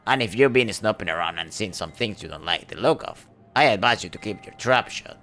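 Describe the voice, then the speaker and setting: Gruff, low-voiced village mushroom dealer, done by a man, guarded and quick to threaten, deep and heavy in a fantasy game read-along. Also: lively intonation, sharp tone, soft background music. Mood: menacing.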